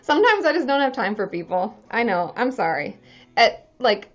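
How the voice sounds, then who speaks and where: A woman's voice: on the high side, very animated, moderate pace. A woman therapist chatting casually on a livestream, candid and chatty, swearing freely and laughing often. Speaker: licensed therapist hosting a livestream. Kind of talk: casual live-stream chat. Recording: dull lo-fi live-stream audio.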